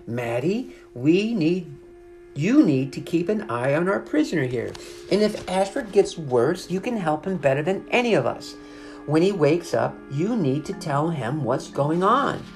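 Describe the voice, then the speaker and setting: A woman's voice: low voice, very animated, measured pace, a little mellow, faint music behind, voice pushed up, full character voice. A woman voicing an anxious young boy who takes charge, speaking urgently and firmly.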